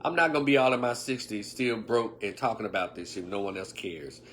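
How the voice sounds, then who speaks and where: An online commentator in his fifties holds forth on a casual livestream, preachy and emphatic, with sarcastic jabs and muttered asides. His fairly low voice is a bit bright and a little fast, with a little hiss or hum.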